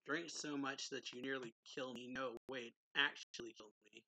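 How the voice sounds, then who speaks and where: Brief: man reading a teasing, sadistic vampire lord, bright and mock-casual. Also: medium pitch, steady tone, normal speed, poor audio. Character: playful sadistic male vampire aristocrat.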